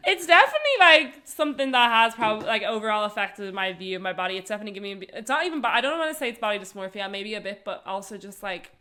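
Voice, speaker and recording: A woman's voice: mid-range voice, expressive, quick pace, hardly any pauses, bright, forceful tone. A young English woman co-hosting a podcast, telling a travel story in a chatty way, swearing casually and laughing often. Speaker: podcast co-host.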